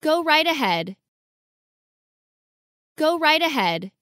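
Female English lesson reader: slow, clear sentence drills, bright singsong pitch, dry close sound. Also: very animated, dry recording. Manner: reads each short sentence twice.

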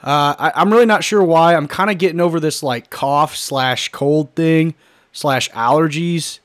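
A hoarse man giving casual, excitable commentary while playing a baseball video game, often swearing and shouting at the players. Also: on the high side, measured pace, no echo. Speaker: gaming channel host.

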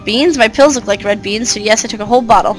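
A woman reading out a brave eleven-year-old girl in a game, polite and earnest. The voice sits fairly high for a woman. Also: fast talker, soft background music, natural voice, rough recording. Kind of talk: reading game dialogue aloud.

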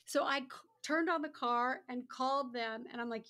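A woman in her sixties tells stories as a podcast guest, her voice a little high. She talks casually and animatedly, slipping into the voices of the people she quotes. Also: moderate pace, few pauses. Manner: animated, acts out other people's lines. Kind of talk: casual storytelling.

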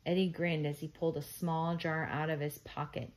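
A woman reads a children's chapter book aloud, narrating in an animated storytelling voice. Her voice sits on the lower side. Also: normal speed, poor audio. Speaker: reader.

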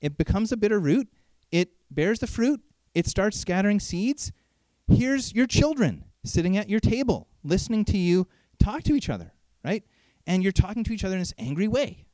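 A man preaching a sermon in an animated, conversational way, asking frequent rhetorical questions. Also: high voice, normal speed, dry recording.

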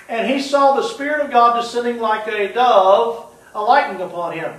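A man preaching a sermon to a congregation, lively and joking, calling on the listeners to answer back. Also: high voice, fairly quick. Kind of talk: sermon with call-and-response. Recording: echoey room, voice from a distance.

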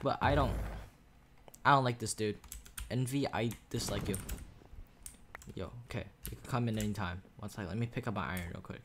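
A gaming YouTuber with a mid-range, fairly bright voice rambles briskly over his own gameplay, joking and trash-talking other players. He records on a USB desk microphone with a little hiss or hum, and keyboard and mouse clicks are faintly audible.

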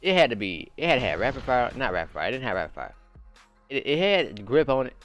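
A young man casually commenting on his own gameplay as host, slangy and animated, repeating phrases and yelping when excited. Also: mid-range voice, fast talker, lo-fi sound, soft background music. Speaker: gaming channel host.

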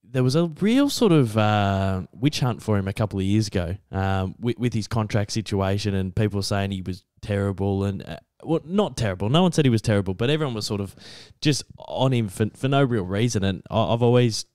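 A man's voice: lowish voice, brisk, few pauses, clear, resonant tone, no echo, clean studio sound. A young Australian man on a casual podcast, telling stories eagerly with lots of fillers and restarts. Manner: excitable storyteller, many fillers and restarts. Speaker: podcast co-host.

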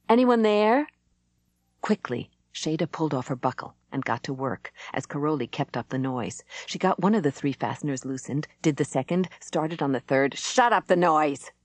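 Brief: female audiobook reader, low voice, dry booth sound. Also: a little mellow, no room sound. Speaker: audiobook narrator. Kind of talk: scripted narration.

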